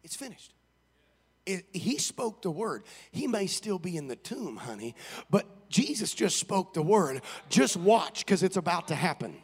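High, gravelly fervent preacher man. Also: sing-song. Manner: fervent, rhythmic preaching with repeated declarations; fills pauses with frequent "uh". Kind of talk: sermon. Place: church on a Sunday morning.

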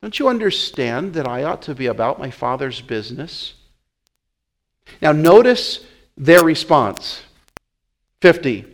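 A man preaching a sermon in an animated way, often repeating words as he acts out the scene. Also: on the high side, a little slow, long pauses.

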